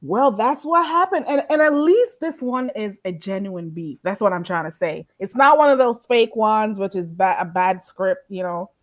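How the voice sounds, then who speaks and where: A woman's voice: medium pitch, animated, normal speed, few pauses. A woman hosting a casual gossip chat, insistently explaining what happened. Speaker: host.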